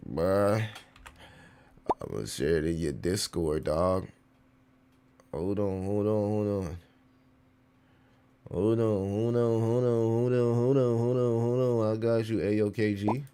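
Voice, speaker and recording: A man hosting a crypto livestream, chatting casually, talking slang, swearing and reading out chat comments. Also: on the low side. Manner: animated, slangy, swears, reads chat aloud.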